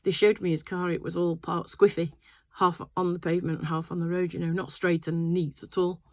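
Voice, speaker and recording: A woman's voice: lowish voice, level tone, brisk, darkish tone, no echo. An older woman chatting casually in her sewing room, telling a rambling family story full of fillers. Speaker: quilting vlogger. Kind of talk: casual chat.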